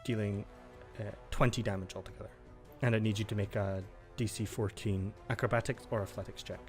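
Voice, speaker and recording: A man narrating as game master of a tabletop game, describing the action in a calm, descriptive way. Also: lowish voice, a little fast, faint music behind.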